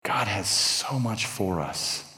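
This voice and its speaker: Male pastor, lowish voice, casual storytelling sermon, reverberant sanctuary. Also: expressive, takes it slowly, whispered. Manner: conversational storytelling, drops to a hush for tender moments. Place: church sanctuary.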